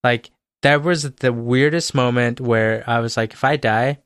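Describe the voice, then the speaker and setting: A man's voice: medium pitch, steady tone, a little slow, a bit bright, clean tone, no room sound, clean studio sound. A young man co-hosting a podcast, telling stories in casual chat, laid-back and swearing freely. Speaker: podcast co-host.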